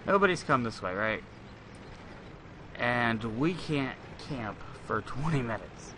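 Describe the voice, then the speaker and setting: A man's voice: mid-range voice, lively intonation, slow, background noise. A man hosting a gaming channel, giving loose, rambling gameplay commentary with the odd curse. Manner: rambling, profane, thinks aloud.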